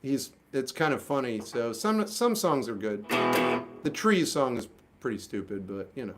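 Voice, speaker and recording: A man's voice: mid-range voice, animated, a little slow, loud music behind the voice. A man casually answering chat comments on a livestream with dry, jokey, offhand replies.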